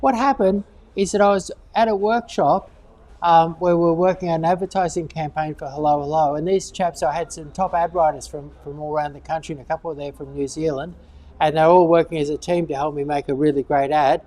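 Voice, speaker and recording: A woman talks through gardening advice in an easygoing, rambling way, circling back and repeating herself as she goes. Her voice sits on the low side, with a soft, mellow tone. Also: fairly even intonation, fairly quick. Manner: rambling, repeats words while thinking. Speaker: gardening expert. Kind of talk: casual Q&A chat.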